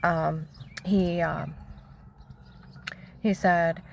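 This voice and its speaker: A woman with a notably low voice tells a rambling personal story. She sounds agitated, leaps from one event to the next, and now and then sinks into a hushed whisper. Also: steady tone, very slow, gravelly, a little hiss or hum, rough recording. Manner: agitated, jumps between events, drops into whispers.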